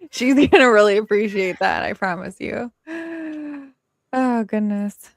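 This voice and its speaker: A chatty woman co-hosting a livestream, her voice gravelly with a touch of fry. She leans on fillers as she talks and reads out the chat. The sound is dry, with almost no room. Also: medium pitch, slow pace, no room sound. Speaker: livestream co-host.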